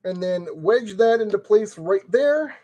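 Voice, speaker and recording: A man's voice: high voice, lively intonation, unhurried, warm tone, lo-fi sound. A man streaming casually and talking himself through a brick-kit build step by step. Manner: chatty, talks himself through each step.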